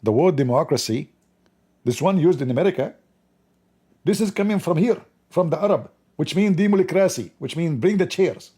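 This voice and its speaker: A man's voice: fairly high pitch, animated, normal speed, warm tone, slightly rough, voice pushed up. A man doing a boastful dictator's speech. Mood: grandiose. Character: pompous male dictator lecturing a crowd.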